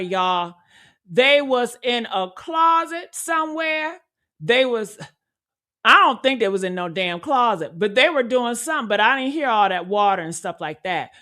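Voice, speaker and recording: High, bright-voiced sarcastic woman commentator. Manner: blunt, sarcastic, swears freely, talks straight to viewers. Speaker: true crime commentator. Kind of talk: casual video commentary.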